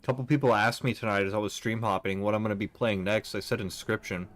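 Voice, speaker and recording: A man's voice: fairly low pitch, steady tone, fast talker, fairly bright tone. A young man streaming a game, chatting casually with chat and rambling with lots of fillers. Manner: rambling, filler-heavy, reads chat aloud.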